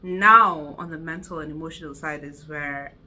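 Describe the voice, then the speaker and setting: A woman chatting casually to camera in a solo vlog, giggly and animated, seated indoors at home and picked up by the camera mic. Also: low voice, normal speed. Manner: giggly, animated, self-teasing. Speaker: vlogger. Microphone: camera mic, no lapel.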